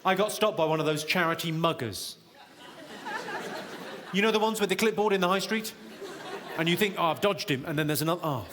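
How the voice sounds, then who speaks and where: A man doing stand-up comedy, teasing the audience in a dry, quick-witted manner. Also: on the high side, crowd noise, noisy background. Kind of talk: stand-up comedy with crowd work. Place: large theater stage. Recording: reverberant hall, loud audience laughter.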